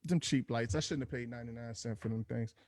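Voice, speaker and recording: A man hosting a group video call, joking and chatty from a dark room at home. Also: mid-range voice, fast, dry recording, studio quality. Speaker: host. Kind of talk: casual video call chat. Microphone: headphones on a video call.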